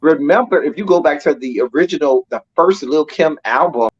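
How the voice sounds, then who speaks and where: A man's voice: a little high, expressive, fairly quick, husky. Reflective man, slightly muffled audio. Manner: reflective, recalls music history, many "you know" fillers. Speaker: co-host. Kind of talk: casual podcast chat.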